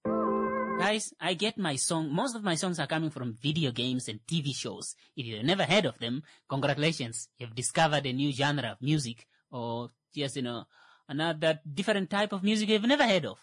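A man's voice: fairly high pitch, animated, fairly quick, a bit bright, husky, dry recording, studio quality. A man hosting a music show, chatting casually between songs in a rambling, jokey way and often correcting himself. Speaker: radio show host playing songs.

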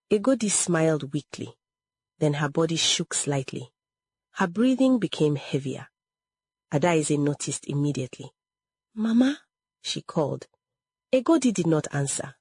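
A woman narrating a scripted story in a dramatic, measured way. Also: low voice, expressive, husky, no echo, clean studio sound.

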